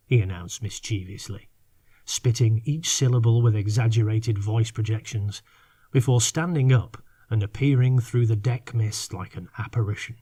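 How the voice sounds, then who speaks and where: A man narrating a fiction audiobook in measured, unhurried reading. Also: lowish voice, mellow, slightly rough. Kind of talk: scripted narration.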